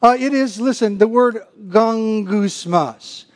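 A man preaching a sermon, emphatic, slowing down to stress key phrases and mimicking grumbling with muttered sounds. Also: extremely high pitch, a little mellow.

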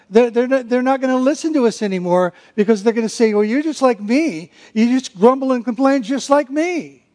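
A man preaching a sermon, emphatic, slowing down to stress key phrases and mimicking grumbling with muttered sounds. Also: sits high, darkish tone.

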